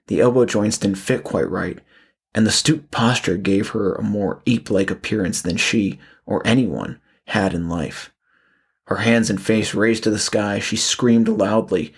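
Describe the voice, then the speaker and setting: Low husky guy reading a horror story, slow and steady. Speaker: author and narrator. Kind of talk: scripted horror audiobook narration.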